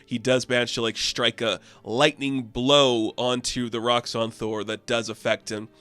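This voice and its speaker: A man recapping a comic book issue in a chatty, loose, excitable way. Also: mid-range voice, unhurried, smooth, soft background music. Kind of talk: casual review recap.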